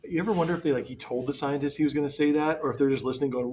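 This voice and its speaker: A man's voice: a little high, racing, darkish tone, slight background noise. A man who teaches history, co-hosting a podcast in casual chat with wry, joking asides.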